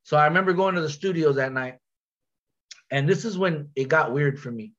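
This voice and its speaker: A man with a nasal voice, a rapper guest telling a story in casual chat, slangy and quick to repeat and restart his words. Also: a little high, fairly bright tone, lo-fi sound.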